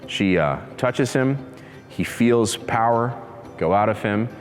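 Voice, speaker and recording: A man's voice: fairly low pitch, lively intonation, takes it slowly, in a large hall, soft background music. A male pastor giving a conversational sermon, laughing easily and acting out the people in his story. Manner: conversational preacher, acts out voices, laughs easily.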